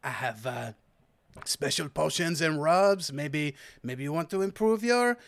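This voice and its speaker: A man voicing a mustachioed male kiosk merchant with a fake French accent, flattering and salesy. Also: a little high, normal speed, vocal fry, no room sound, clean studio sound.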